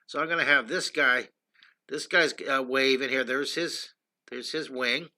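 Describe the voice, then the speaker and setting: A man's voice: medium pitch, steady tone, measured pace, pushed and bright. An older man hosting a casual livestream drawing lesson, chatty and enthusiastic, greeting viewers by name while he draws. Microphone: computer streaming setup.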